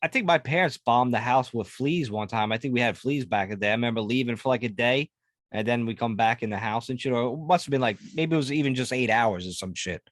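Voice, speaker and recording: A man's voice: mid-range voice, fast, no echo, clean studio sound. A man hosting a podcast in casual chat, joking and swearing as he steers the topics. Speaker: podcast host. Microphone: podcast microphone.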